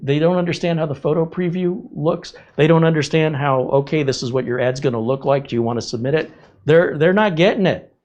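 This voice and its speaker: A man's voice: on the high side, fairly quick, dull audio. Chatty middle-aged male live-stream host. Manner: animated storytelling, frequent laughter. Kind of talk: casual live-stream chat.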